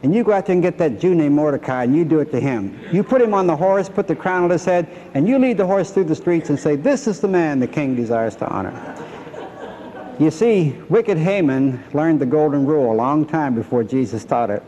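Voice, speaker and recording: A man's voice: fairly high pitch, a little fast, few pauses, warm tone, in a large hall, rough recording. An older man teaching a Bible lesson, retelling the story and acting out the characters' lines.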